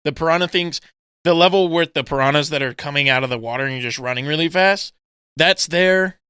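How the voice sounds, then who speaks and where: A young man co-hosting a podcast, chatting casually and profanely, retelling scenes with animated energy. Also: a little high, a little fast, clean tone, no echo, studio quality. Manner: animated, profane, acts out movie scenes in funny voices. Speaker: podcast co-host. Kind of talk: casual chat.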